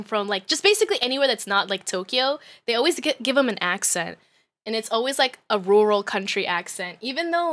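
A woman's voice: fairly high pitch, fairly bright tone. A woman in her thirties chatting casually on a livestream, laughing often, swearing freely and rambling with lots of fillers. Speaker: streamer.

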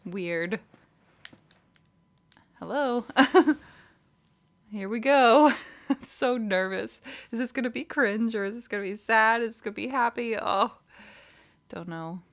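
A woman giving chatty, excitable commentary while playing a video game. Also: on the high side, slow pace, long pauses. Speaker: let's play gamer. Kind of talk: casual gameplay commentary.

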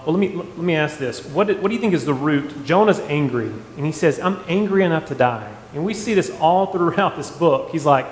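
A man leading a casual Bible study, animated, asking the group rhetorical questions and restarting his sentences. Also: fairly high pitch. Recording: echoey hall, faint room noise.

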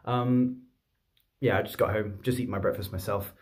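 A man, telling a story to camera in a chatty, rambling, excitable way. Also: lowish voice, normal speed. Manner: chatty, rambling, excitable, with many fillers and restarts. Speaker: vlogger and streamer.

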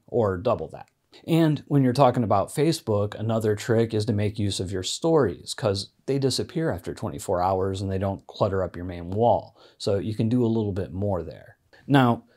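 A man's voice: mid-range voice, darkish tone. A man who is an independent filmmaker, giving practical social media marketing tips straight to camera in a conversational way. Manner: conversational, practical, with casual fillers. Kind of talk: direct-to-camera advice talk.

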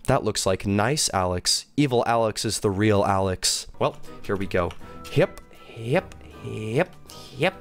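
An excitable, jokey man giving let's-play commentary on a game as its host, gasping and squealing as he plays, over faint background music. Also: fairly low pitch, a little slow. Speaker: gaming video host.

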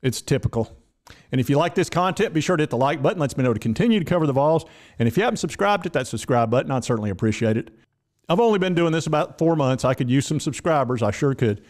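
A man's voice: fairly high pitch, animated, fast talker. A man, a sports vlogger who rants in a folksy, exasperated way. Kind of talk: casual sports commentary.

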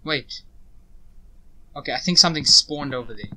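A man's voice: mid-range voice, animated, moderate pace, bright, forceful tone, a little hiss or hum, poor audio. A man hosting a gaming channel, chatting through a horror game in a joking way, talking back to the character and startling easily. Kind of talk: casual let's-play commentary.

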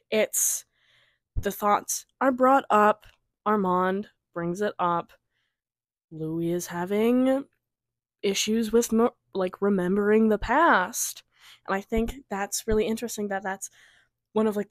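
A young woman casually chatting through a trailer review, rambling, giggling and trailing off into soft mumbles. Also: mid-range voice, no room sound.

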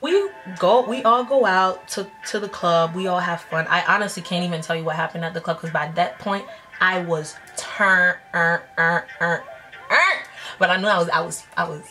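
A woman in her twenties telling a personal story in a casual vlog, blunt and slangy, jumping up in pitch when she acts out quotes. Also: a little fast, faint music behind. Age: 20s. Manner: animated, jumps up in pitch when acting out quotes; slangy, blunt, self-mocking. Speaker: vlogger.

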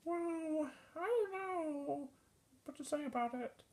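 A performer voicing a quiet, timid plush ghost that speaks softly in a homemade plush video. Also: high-pitched, slow. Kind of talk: plush toy puppet video.

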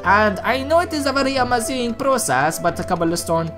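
A woman giving casual let's-play commentary at her computer, excitable and chatty, often chatting to objects in the game. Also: on the high side, normal speed, over music. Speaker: gaming channel host.

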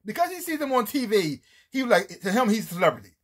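A man's voice: sits high, sing-song, fast, a bit bright. A man giving a casual, rambling review of a TV series, often restarting his sentences and acting out scenes as he retells them. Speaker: TV show reviewer.

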